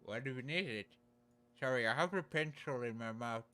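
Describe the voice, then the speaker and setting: A man's voice: medium pitch, moderate pace, pushed and bright, clear, resonant tone. A man streaming a game, chatting casually, swearing and laughing as he talks. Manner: swearing, laughing, dubbing a clip aloud.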